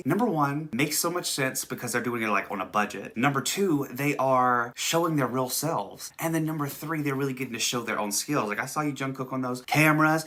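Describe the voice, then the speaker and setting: A young man hosting a casual video reaction, chatty and animated, laughing often. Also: medium pitch. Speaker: host.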